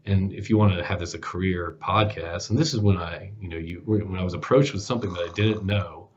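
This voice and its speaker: A man's voice: sits low, steady tone, brisk. A man in his forties telling a career story in a casual interview, rambling with many fillers and acting out the dialogue. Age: 40s. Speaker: podcast host as guest. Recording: dull lo-fi podcast audio.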